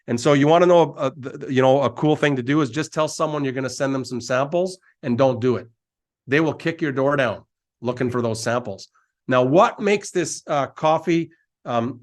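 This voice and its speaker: Excitable male network-marketing pitcher. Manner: excitable, hyped-up, repeats himself, quick asides. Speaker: company presenter. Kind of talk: energetic sales pitch.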